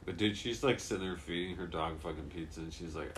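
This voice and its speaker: A young man with a very deep, low voice recounts a night out in loose, casual chat. He swears freely and laughs as he talks. A faint hiss of background noise sits under the recording. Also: fast.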